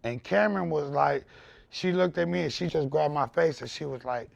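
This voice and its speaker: A man speaking as a podcast guest, telling his story in loud, animated, candid conversation and swearing freely. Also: on the high side, moderate pace, vocal fry, dry recording.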